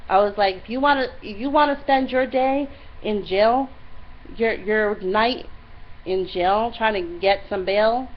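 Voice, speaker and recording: A young woman casually telling a diary-style story, retelling it with lively exasperation and quoting herself often. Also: medium pitch, a little slow. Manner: animated, exasperated retelling with many "I'm like" quotes. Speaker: vlogger. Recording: slightly dull lo-fi recording with faint hiss.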